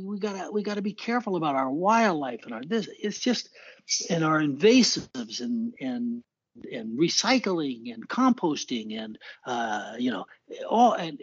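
A man's voice: high-pitched, breathy edge, dry recording. A man from Alaska, a garden columnist, talking in a rambling, emphatic way and repeating his points as a podcast guest. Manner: rambling, emphatic, repeats phrases, laughs at own jokes. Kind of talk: casual podcast interview. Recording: dull lo-fi audio.

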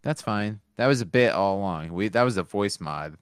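A man's voice: fairly low pitch, animated, moderate pace, clean tone, no echo. A man co-hosting a live podcast, joking and swearing casually in loose banter. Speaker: podcast co-host.

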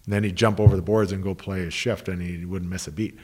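A man's voice: sits low, fairly even intonation, quick pace, darkish tone. A man, a hockey coach, telling long anecdotes in an interview, restarting sentences and quoting people he worked with. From Canada. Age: 30s. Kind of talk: interview storytelling.

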